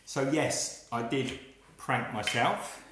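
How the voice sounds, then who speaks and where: A man with a mid-range voice speaks slowly while hosting a live cooking stream, chatting as he works and laughing at his own slip-ups. He's filmed on a phone set on a small tripod, in an echoey room with a lot of background noise.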